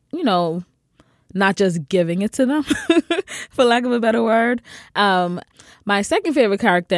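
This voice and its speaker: Woman co-host; lowish, dry-sounding, gushing and rambling. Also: darkish tone, no room sound. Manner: enthusiastic, rambling, many "like"s and laughs. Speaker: podcast regular, co-host. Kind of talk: casual chat.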